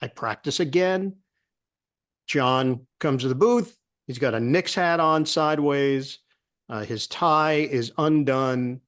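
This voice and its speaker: A man's voice: mid-range voice, slow pace. A middle-aged man, a sportscaster guest, telling a story in a casual interview and acting out the voices of people he quotes. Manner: animated storyteller who acts out quoted voices.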